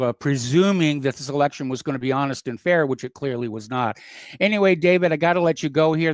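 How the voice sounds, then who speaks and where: Male radio host, smooth clear voice, somewhat high pitch, brisk, dry studio sound. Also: no room sound. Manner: brisk, dryly corrective. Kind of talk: talk radio hosting.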